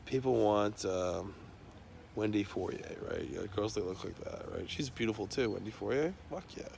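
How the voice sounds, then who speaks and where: A man's voice: on the low side, normal speed, gravelly, a little mellow, slight background noise. A man talking in a loose, rambling monologue, swearing constantly and trailing off into fillers and restarts.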